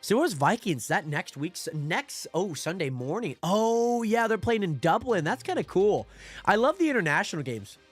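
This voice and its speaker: With faint background music, a young male streamer of slightly higher pitch runs a football watch party, switching from casual commentary on the plays to thrilled yelling at key moments. He talks at a moderate pace, and his voice is slightly rough.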